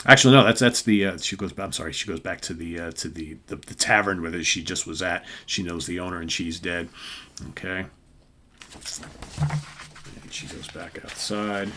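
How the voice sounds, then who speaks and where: A middle-aged man with a fairly low voice hosts a relaxed comic book review. He talks in a loose, chatty way, often ending a remark with "right?", and reads captions aloud plainly. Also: measured pace, slight background noise. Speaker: host.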